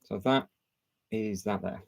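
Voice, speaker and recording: A man with a lowish, gravelly voice full of vocal fry speaks slowly while hosting a casual livestream. He thinks out loud as he rearranges a build, rambling with restarts and fillers. The recording is rough, with slight background noise.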